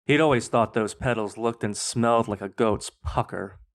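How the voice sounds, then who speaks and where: A man hosting a podcast, reading his own fan fiction aloud in a measured, dramatic way. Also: mid-range voice. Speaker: podcast host.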